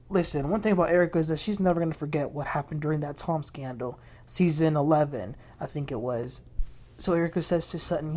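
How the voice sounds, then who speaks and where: A woman's voice: low voice, brisk, a little mellow. Chatty woman recapping TV gossip. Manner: chatty, gossipy storytelling with reenacted quotes. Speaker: reality TV recap host. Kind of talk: casual recap commentary.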